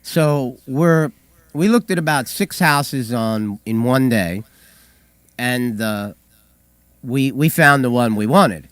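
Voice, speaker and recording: A hoarse man co-hosting a call-in show, telling stories with hesitant fillers and dry humor. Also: mid-range voice, takes it slowly, a bit bright, no echo. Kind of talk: casual radio chat.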